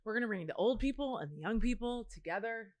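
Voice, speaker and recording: A woman's voice: a little high, expressive, quick pace, dry recording. A woman co-hosting a podcast in a bar, teasing her co-host and chatting casually. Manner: teasing, laughs along. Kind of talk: casual chat.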